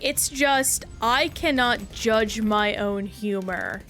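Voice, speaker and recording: A woman's voice: a little high, takes it slowly, a bit bright, soft background music. Chatty woman streaming a game. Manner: chatty, self-reflective, reads chat aloud. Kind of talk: casual gaming stream chat.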